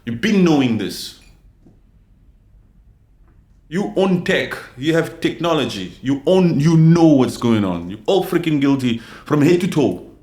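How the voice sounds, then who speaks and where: A man from the DR Congo hosting a livestream, giving heated commentary and talking straight to his chat viewers. His delivery is forceful and he repeats himself a lot. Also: on the high side, very animated, measured pace. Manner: forceful, repetitive, addresses chat viewers directly. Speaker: livestream host.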